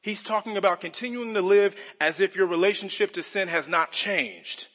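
A male pastor preaches in a bright, slightly husky voice with a fairly high pitch. He delivers an earnest, expository sermon full of rhetorical questions. The sound carries a long reverb from a large church sanctuary. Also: moderate pace.

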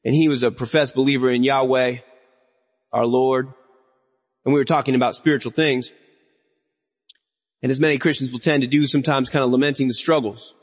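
A man preaching a sermon, earnest and building to emphatic raised lines. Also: medium pitch. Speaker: pastor. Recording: long reverb of a hall.

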